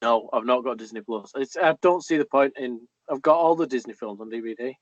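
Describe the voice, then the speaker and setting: A man's voice: medium pitch, brisk, no echo, lo-fi sound. A man co-hosting a casual podcast chat, giving short, easygoing replies. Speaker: podcast co-host.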